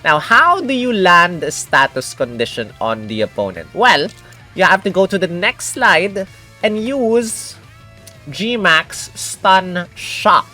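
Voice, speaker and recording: Low-voiced woman hosting a game guide. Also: very animated, slow pace, pushed and bright, faint music behind. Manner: chatty and explanatory, addresses viewers as guys. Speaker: game video host. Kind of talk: casual game guide commentary.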